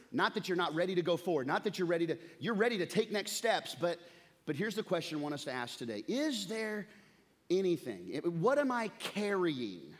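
A man in his thirties preaching a sermon in a conversational, humorous storytelling manner. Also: high-pitched. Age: 30s. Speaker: pastor.

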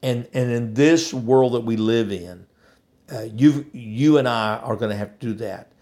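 A man's voice: mid-range voice, unhurried, mellow. A man delivering an emphatic, preachy opinion monologue, hammering points with repetition.

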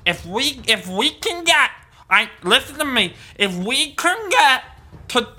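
A man's voice: extremely high pitch, big pitch swings, measured pace, pushed and bright, voice pushed up, exaggerated voice. A man voicing a panicky, nervous husband in improvised comedy role-play, stammering and rambling. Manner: stammering, rambling, restarts every phrase. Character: panicky nervous husband hiding at a grocery store.

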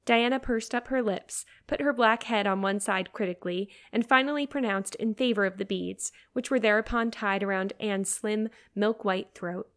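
A woman with a medium-pitched voice narrates a classic novel as an audiobook. Her scripted storytelling is measured and even.

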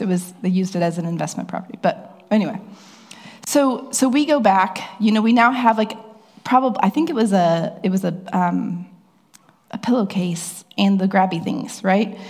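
Chatty woman pastor telling a story. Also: a little mellow. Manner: chatty storyteller, asks the crowd questions; acts out voices with rising pitch. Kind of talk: sermon with a personal story. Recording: long hall reverb.

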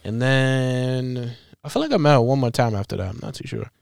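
A man's voice: mid-range voice, gravelly, a little mellow, clear, resonant tone, no room sound. Young man, co-host, teasing, profane quips, dry sound. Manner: joking, profane, quick teasing remarks. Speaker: podcast co-host. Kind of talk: casual chat.

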